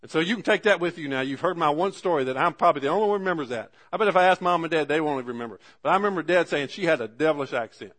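Preacher guy in his forties, kinda high voice, folksy rambling sermon, keeps asking for amen. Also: racing, hardly any pauses, a bit bright. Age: 40s. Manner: folksy storytelling with frequent restarts and call-and-response "amen". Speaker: pastor.

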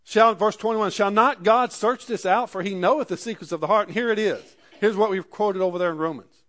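A man's voice: high voice, fairly quick, fairly bright tone. A man preaching a sermon, reading scripture aloud and explaining it in everyday words. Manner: reads scripture aloud and paraphrases it in plain speech.

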